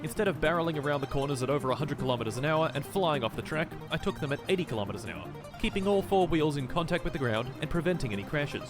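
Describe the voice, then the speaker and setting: A man narrates a gaming misadventure in a deadpan comedic tone, breaking into loud outbursts. His voice sits slightly high and moves through a wide range. Background music plays under his voice. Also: fast talker, hardly any pauses. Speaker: gameplay narrator.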